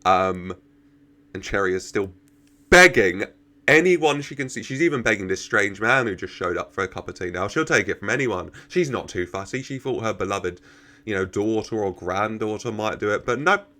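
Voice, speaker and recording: A man's voice: on the low side, animated, moderate pace, sharp tone. A man giving casual reaction commentary, chatting, laughing often and talking back to the characters on screen. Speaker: reaction video host.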